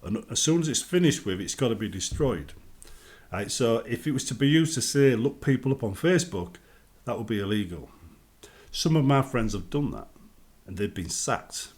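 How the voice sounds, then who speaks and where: A man's voice: medium pitch, expressive, normal speed, a little mellow. A British man giving casual advice on a gaming vlog, chatty and acting out everyday greetings. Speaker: gaming vlogger.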